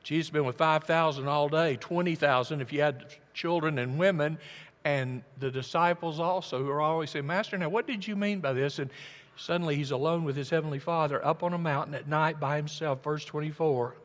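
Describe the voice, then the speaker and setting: A man preaching a sermon, telling the story dramatically and swinging from hushed tones to loud emphasis. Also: on the high side, brisk, long reverb tail. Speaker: pastor. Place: church.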